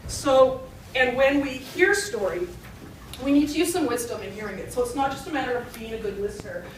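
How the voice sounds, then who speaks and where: A woman's voice: fairly high pitch, brisk, a little hiss or hum. A woman speaking to a retreat audience in a conversational, joke-telling way. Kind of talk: talk to an audience. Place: retreat hall. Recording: echoey hall, distant mic.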